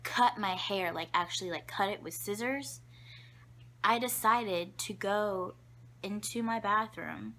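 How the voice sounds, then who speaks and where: Bright-voiced chatty young woman. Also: medium pitch. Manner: chatty, giggly, lots of fillers; drops to a whisper for asides. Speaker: vlogger. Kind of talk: casual storytelling to camera.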